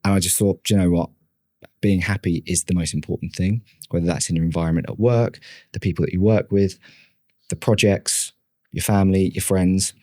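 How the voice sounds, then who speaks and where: Deep-voiced man telling a candid story. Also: steady tone, fairly quick, mellow, no room sound, clean studio sound. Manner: candid, self-deprecating, with frequent restarts. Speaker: podcast guest, marketing leader.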